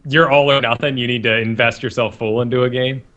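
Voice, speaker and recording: A man's voice: medium pitch, steady tone, a little fast, fairly bright tone, lo-fi sound. A man co-hosting a casual podcast, upbeat and agreeable. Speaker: podcast co-host.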